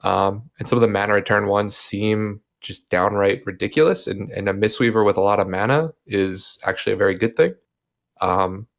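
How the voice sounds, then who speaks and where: A man's voice: lowish voice, creaky. A man in casual chat, rambling along with many fillers and hedges.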